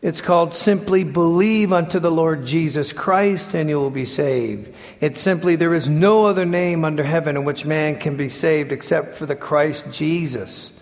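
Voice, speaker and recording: A man preaching a sermon, telling stories with lively acted-out quotes and sudden shouts. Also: a little high, moderate pace, few pauses. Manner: animated storytelling, acts out quotes and shouts. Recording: long hall reverb.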